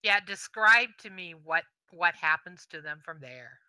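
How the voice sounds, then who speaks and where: A woman game master narrates the game for her players in a measured way. Her voice is bright and smooth and comes through close and dry. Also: lowish voice, lively intonation, dry recording.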